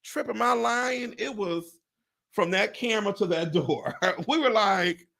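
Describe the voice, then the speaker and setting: A man in his forties hosts a casual live chat, swinging his voice high and low with a gravelly edge. He tells stories with big animated energy and leaps into squeaky voices to quote people. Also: a little slow. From Pontiac, Michigan. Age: 40s. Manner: animated storyteller, jumps into high voices when quoting people. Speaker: host.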